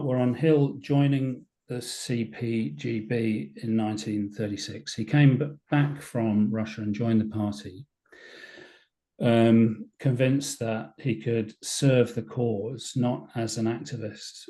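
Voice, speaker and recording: A man with an English accent giving a slide lecture to an audience, thoughtful and hesitant, often pausing on "uh" and "um". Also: mid-range voice, warm tone. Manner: thoughtful, reads quotations aloud, frequent hesitations. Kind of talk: public talk with slides.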